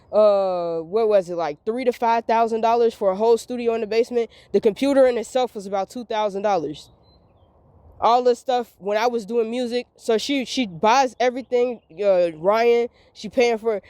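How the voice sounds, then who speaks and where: A woman's voice: on the high side, a little mellow, dry recording. A woman, venting in a rambling, repetitive, emphatic monologue recorded as a voice memo. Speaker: vlogger.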